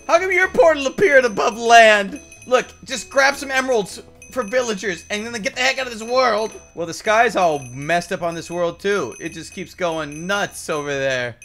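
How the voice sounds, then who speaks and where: A woman's voice: medium pitch, lively intonation, normal speed, hardly any pauses, fairly bright tone, soft background music. A woman giving sarcastic, exasperated commentary on her Minecraft game and complaining to her partner. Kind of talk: scripted gameplay commentary with a partner.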